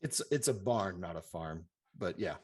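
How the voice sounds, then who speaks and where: A man's voice: sits low, animated, normal speed, a little mellow, a little hiss or hum. A man narrating as game master of a tabletop game, rambling with many fillers.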